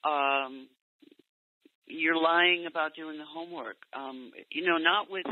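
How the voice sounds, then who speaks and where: Man, parenting coach, gentle, slightly high-pitched, phone-line sound. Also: slow pace. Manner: gentle, acts out parent and teen lines in quotes. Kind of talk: coaching session over a call. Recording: tinny phone line, dry.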